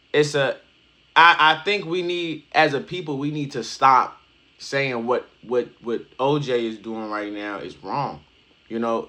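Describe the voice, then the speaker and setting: A man's voice: mid-range voice, pushed and bright. A man hosting a reaction video, talking casually in street slang with emphatic stops and restarts.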